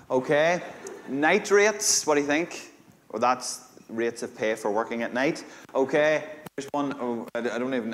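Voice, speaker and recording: Easygoing irish preacher man from monaghan, joking with the church crowd, bit of faint room noise. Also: medium pitch. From Ireland (Monaghan). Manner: laid-back, playful, jokey delivery. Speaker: minister. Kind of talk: joke-filled sermon to a congregation. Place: church service, in front of a congregation.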